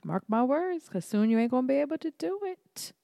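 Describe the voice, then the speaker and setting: A woman's voice: high-pitched, big pitch swings, brisk, vocal fry, dark tone, no echo, clean studio sound. A young woman co-hosting a casual podcast chat, teasing her friend with bold, playfully provocative remarks. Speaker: podcast co-host.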